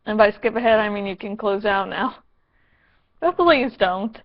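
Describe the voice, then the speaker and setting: A woman's voice: mid-range voice, expressive, moderate pace, lo-fi sound. A woman reviewing a TV episode in a casual vlog, sarcastic, playful and given to swearing.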